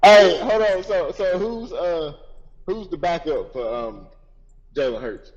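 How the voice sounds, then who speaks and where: A man's voice: high-pitched, dull audio, a crowd in the background. A man co-hosting a casual podcast, teasing and laughing with his friends. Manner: slow, teasing, laughs often. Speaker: podcast co-host. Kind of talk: casual chat.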